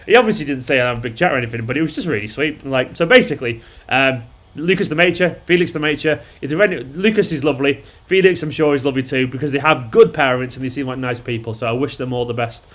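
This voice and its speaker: A man's voice: mid-range voice, fast talker, fairly bright tone. A man, chatting casually and rambling as the host of a live watchalong and answering viewers' messages. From Manchester, England. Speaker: fan channel host.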